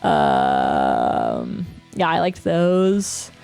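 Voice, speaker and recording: A woman's voice: a bass voice, wildly swooping pitch, drawn-out words, creaky, a little mellow, soft background music. A woman hosting a livestream, chatting casually with viewers, swearing freely and fussing over her pet. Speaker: livestream host. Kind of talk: casual chat with stream viewers.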